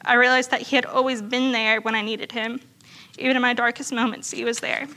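A woman's voice: a little high, flat delivery, fairly quick, pushed and bright, slight background noise. A woman earnestly reading aloud a written faith testimony to a church group. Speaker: church member sharing testimony.

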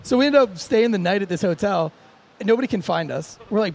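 High gravelly-voiced man, brash. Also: animated, fast talker, a little hiss or hum. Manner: brash, profane storytelling. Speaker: podcast co-host. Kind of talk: casual podcast banter.

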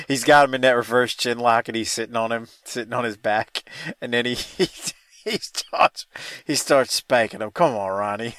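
A man's voice: mid-range voice, normal speed, fairly bright tone, no echo, studio quality. A man hosting a casual podcast chat, loose, laughing and profane. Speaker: podcast host.

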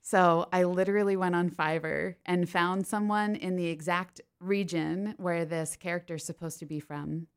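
Woman from Pennsylvania, podcast guest, chatty, laughs a lot, lowish pitch, loose "like" fillers. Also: steady tone, normal speed, few pauses, clean tone. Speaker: podcast guest, stage actress. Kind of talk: casual interview chat.

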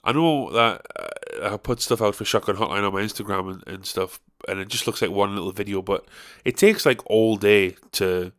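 A young man hosts his own podcast, rambling and swearing as he talks things through. He sounds worn out and pokes fun at himself, and his voice sits fairly low. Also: normal speed, few pauses, fairly bright tone. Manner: rambling, sweary, self-deprecating. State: tired. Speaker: podcast host. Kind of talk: casual solo podcast chat.

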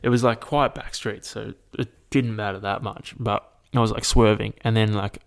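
A man's voice: fairly low pitch, steady tone, moderate pace, creaky. A young man, chatting casually to his audience in a rambling, sweary rant. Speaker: vlogger. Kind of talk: casual chat. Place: at home, at a laptop.

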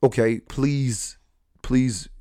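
A middle-aged man hosting a casual podcast, telling stories and acting out the people he quotes with sudden loud jumps. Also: fairly even intonation, drawn-out words, no room sound, studio quality. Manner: storytelling, acts out quotes with big pitch jumps and shouts. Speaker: podcast host.

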